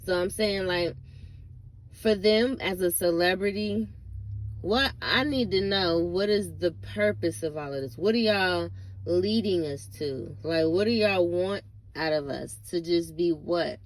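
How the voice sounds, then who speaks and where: A woman's voice: fairly low pitch, measured pace. A woman vlogger ranting casually to camera, blunt and profane, rambling with lots of fillers and asides.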